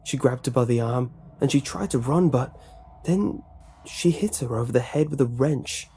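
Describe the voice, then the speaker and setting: A man's voice: medium pitch, moderate pace, warm tone, slight background noise, lightly acted. A man voicing a frightened teenage schoolboy who talks in urgent, breathless bursts. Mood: panicked.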